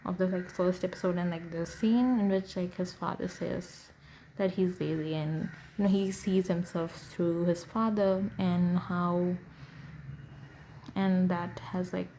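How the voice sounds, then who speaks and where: A young woman hosting a podcast, chatting slowly and casually with lots of fillers, gushing over a show. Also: on the low side, fairly even intonation, warm tone, a little hiss or hum, rough recording. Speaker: podcast host. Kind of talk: casual fan reaction chat.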